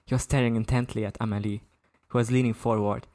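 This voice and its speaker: A man's voice: medium pitch, little pitch movement, fast talker, dark tone. A man narrating a shared first-person story aloud in a plain way, sometimes laughing at his own lines.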